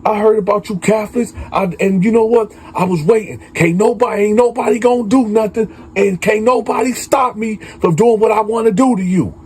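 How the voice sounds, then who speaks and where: A man's voice: sits high, a little fast, few pauses, husky, voice pushed up. A man doing a furious cursing inmate. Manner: shouting curses, menacing. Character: furious profane male prison inmate, threatening.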